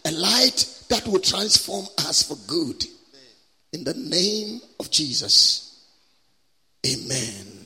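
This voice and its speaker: A man preaching as a guest speaker at a church conference, leading prayer and having the congregation repeat scripture after him with an impassioned, drawn-out cadence. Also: a little high, very animated, sharp tone, slightly rough. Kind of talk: sermon with prayer and call-and-response. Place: large church hall. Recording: long hall reverb.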